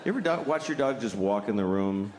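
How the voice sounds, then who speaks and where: Male stand-up, deadpan with lively swings, recorded in a reverberant venue with noise behind. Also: lowish voice, quick pace. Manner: deadpan, wry musing with sudden loud jumps. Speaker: stand-up comedian. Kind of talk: stand-up routine. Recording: echoey hall with noisy ambience.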